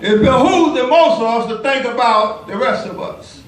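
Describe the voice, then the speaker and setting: A man a sermon as pastor, calling out to the congregation and rising into shouts. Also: very high-pitched, normal speed. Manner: call-and-response preaching, rising to shouts. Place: large church sanctuary. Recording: echoey church from a distance. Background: congregation calling back.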